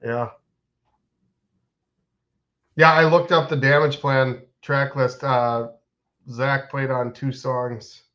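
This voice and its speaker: A man's voice: mid-range voice, fairly even intonation, slow pace, pauses often, fairly bright tone. A man co-hosts a live stream and talks about albums in a laid-back, casual way. His audio sounds a little dull and lo-fi.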